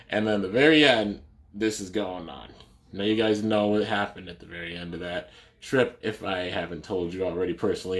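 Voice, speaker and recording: A young man vlogging a casual storytime, rambling with lots of fillers and restarts. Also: sits low. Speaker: YouTuber.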